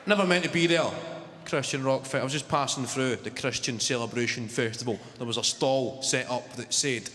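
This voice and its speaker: Performing live in a big arena, a young Glaswegian stand-up in his twenties rattles through a brash routine full of swearing as the audience laughs. His voice sits mid-range and runs brisk, with a touch of hiss or hum underneath. Expect long reverb and heavy crowd noise.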